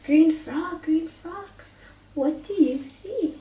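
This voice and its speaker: A woman's voice: very high-pitched, slow, heavy background noise. A woman reading a picture book aloud to a small child at home in a playful sing-song way, making animal noises. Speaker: parent reading to a toddler. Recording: roomy home recording from a distance.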